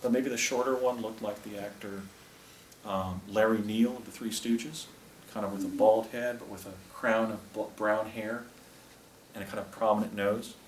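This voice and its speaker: Low-voiced man lecturing in an echoey hotel room. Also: fairly even intonation, moderate pace. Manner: rambling, detailed storytelling. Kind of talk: public lecture. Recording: roomy hall from far off, faint hiss.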